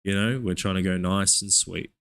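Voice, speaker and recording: A young man from Australia with an Australian accent, streaming live trading commentary in a profane, hyped play-by-play with excited oohs. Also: low voice, normal speed, creaky, clear, resonant tone. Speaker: live-streaming futures trader.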